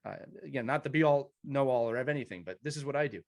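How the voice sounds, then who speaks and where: A man's voice: mid-range voice, rapid-fire, creaky. A man hosting an interview podcast, telling personal stories earnestly with many restarts. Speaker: podcast host. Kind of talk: conversational interview.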